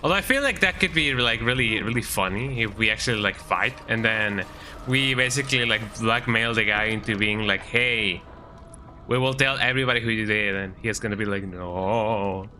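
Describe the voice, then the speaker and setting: A man's voice: lowish voice, fairly quick, sharp tone, slight background noise. A man streaming a video game, chatting casually in a rambling way and tagging lines with "eh". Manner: rambling, frequent "eh" tag. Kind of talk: casual gameplay commentary.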